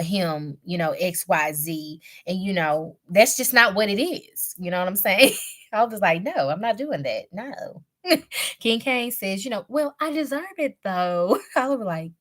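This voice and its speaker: A young woman giving a casual live recap, chatty and slangy with lots of fillers, clearing her throat from a cough. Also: fairly low pitch, a bit bright. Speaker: show reviewer.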